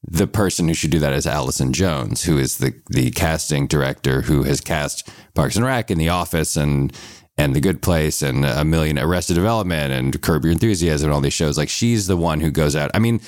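A man's voice: very deep voice, a little fast, dry recording, clean studio sound. A man chatting casually as a podcast guest, telling stories with frequent restarts. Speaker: guest, TV writer and producer.

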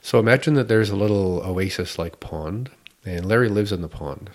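A man hosting a podcast and explaining a practice in casual chat, playful and quick to laugh. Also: deep voice. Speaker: podcast host teaching a practice.

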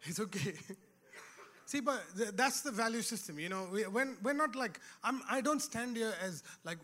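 A man's voice: sits high, lively intonation, moderate pace, sharp tone. A man preaching a sermon in a church, in a conversational way with laughing asides, rising to emphatic exhortation. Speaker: pastor.

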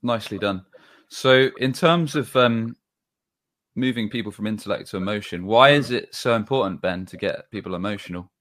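A man hosting an interview, asking questions briskly and affirming his guest. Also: lowish voice, a bit bright, no room sound, clean studio sound. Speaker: interview host. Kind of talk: conversational interview.

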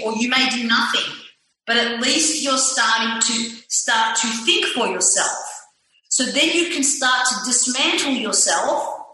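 A woman reflects candidly as an interview guest, animated, swearing freely and questioning herself. Her voice sits a bit high and rings bright. The very echoey room makes it boom. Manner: animated, profane, self-questioning.

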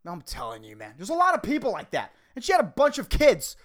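A woman hosting a solo podcast, ranting sarcastically and swearing freely, and talking fast by her own account. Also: medium pitch, huge pitch swings. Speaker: podcast host.

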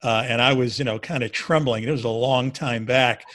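A man's voice: medium pitch, fairly even intonation, normal speed, fairly bright tone. A man leading an interview conversation, enthusiastic and affirming as he moves through the questions.

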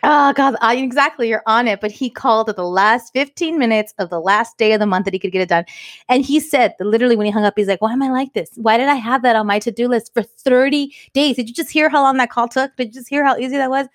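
A woman co-hosting a podcast, telling stories in rapid, animated casual chat and acting out what others said. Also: on the high side, dry recording, clean studio sound. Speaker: podcast co-host.

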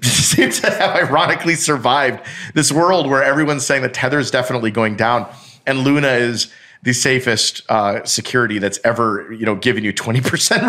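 A man's voice: medium pitch, sharp tone. A man in casual podcast chat, explaining a finance story at length with restarts and the odd swear word.

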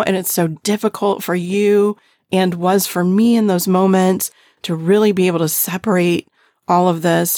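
A middle-aged woman talking gently and earnestly about parenting, often checking in with the listener by asking "right?". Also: on the low side, no echo, studio quality. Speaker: parenting podcast host. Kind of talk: reflective parenting talk.

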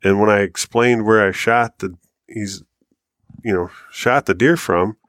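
An American man telling a long hunting story in casual podcast chat, acting out quotes with bursts of excitement. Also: a little slow, no echo, studio quality. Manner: animated storyteller, rises high and loud when acting out quotes. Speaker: podcast co-host.

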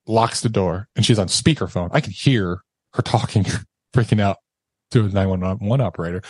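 A man's voice: deep voice, a little mellow, no echo. A man in his thirties, a podcast guest, telling a harrowing personal story with emotion and acting out the voices of others. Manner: emotional, acts out quoted voices, laughs nervously.

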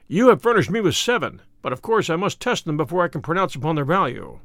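A man reading a brilliant, self-assured detective for a storybook recording. The voice sits fairly high and moves through lively rises and falls, dry and close with no room around it. Each line comes measured and musing, with a light wry edge. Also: no echo. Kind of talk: audiobook character reading.

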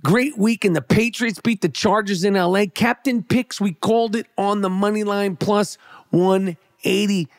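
A man's voice: high voice, fairly even intonation, normal speed, dry recording, studio quality. A man giving a brash, profane, hyped-up rant about the football weekend and his fantasy team. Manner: brash, swearing, hyped, repetitive. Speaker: sports commentator.

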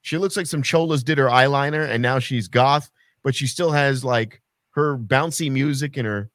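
A man casually chatting about wrestling as a podcast co-host, animated and sarcastic, swearing freely. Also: medium pitch, normal speed, dry recording, clean studio sound.

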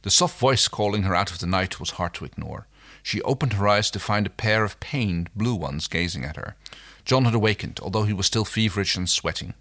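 A man's voice: fairly low pitch, brisk, a bit bright. A man co-hosting a casual chat, reading fiction aloud playfully and laughing now and then. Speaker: podcast co-host reading fan fiction.

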